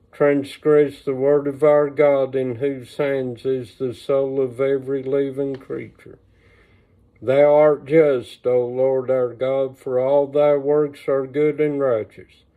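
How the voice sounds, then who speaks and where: A man reading the lines of a grieving old mother in a slow, measured lament, recorded on a phone. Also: mid-range voice, flat delivery, natural voice. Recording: tinny phone-line sound.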